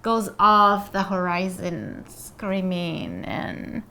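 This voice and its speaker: Young woman, slow casual retelling, lots of "like". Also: medium pitch, gravelly, bright, forceful tone, faint music behind. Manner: valley-girl filler talk with constant "like". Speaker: storyteller. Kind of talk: casual profane retelling of a play.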